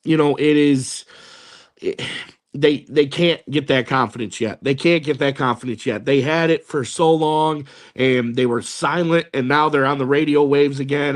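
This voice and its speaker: A man's voice: medium pitch, moderate pace. A man co-hosting a sports podcast, talking loosely and rambling, often trailing off mid-thought. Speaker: podcast co-host. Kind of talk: casual sports talk.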